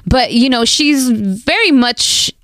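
A woman's voice: a little high, animated, slow pace, fairly bright tone, no room sound, clean studio sound. A woman telling a personal story in casual chat, full of "like" and "you know". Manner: chatty, with many fillers like "like" and "you know". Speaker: podcast guest.

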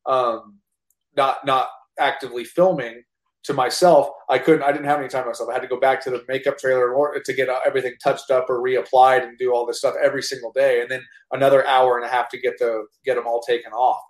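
Fast-talking man in an echoey room. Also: mid-range voice. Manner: animated, profane, full of restarts. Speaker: guest actor. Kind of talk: casual storytelling chat.

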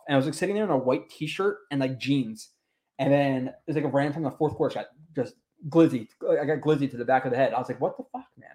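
With a mid-range, slightly mellow voice, this young man runs a laid-back sports podcast. His talk is loose and profane, and he keeps restarting his sentences as he responds to comments from the chat.

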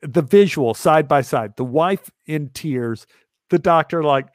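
A man's voice: on the high side, unhurried, dry recording, clean studio sound. A middle-aged man telling a personal story, wry and self-mocking, acting out other people's lines with big jumps in his voice.

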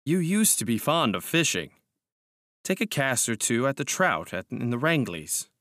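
A man voicing a gentle, worried older armorer who speaks calmly and patiently. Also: medium pitch, normal speed, no echo, clean studio sound.

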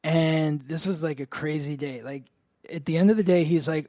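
A man's voice: fairly high pitch, moderate pace, warm tone, no echo. A man hosting an astrology podcast, telling a story in a casual, rambling way full of fillers. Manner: rambling, many "like" fillers, laughs often.

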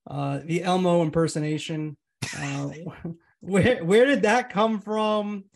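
Man, high voice, podcast host, upbeat, joking, asks questions. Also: slow, creaky. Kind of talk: casual podcast interview.

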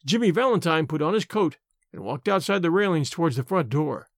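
A man reading a classic short story aloud, expressive and varied. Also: on the high side, a little fast, no room sound, studio quality.

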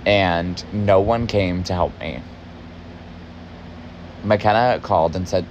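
A man's voice: sits low, slow pace, a little mellow, dull audio, a little hiss or hum. A young man telling a story in a casual, agitated way, cursing often for emphasis. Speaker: podcast host, former barista.

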